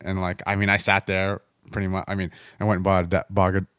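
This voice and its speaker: A man's voice: low voice, monotone, quick pace, fairly bright tone, smooth, dry recording, studio quality. A man from the United States chatting casually, rambling and leaning on fillers like "you know what I mean". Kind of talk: casual podcast chat.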